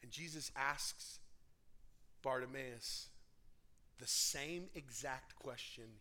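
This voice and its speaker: A man preaching a sermon, dramatic, dropping to near whispers and rising to shouts. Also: mid-range voice, takes it slowly, pauses often. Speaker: pastor.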